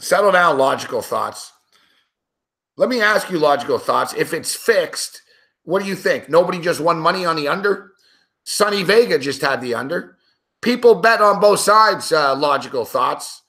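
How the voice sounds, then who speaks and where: Man, sports betting host, high pitched, bright cutting tone, profane angry rant, sarcastic lecturing. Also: animated, normal speed. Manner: angry, profane outbursts and shouting at the players. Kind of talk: live reaction rant while watching a game.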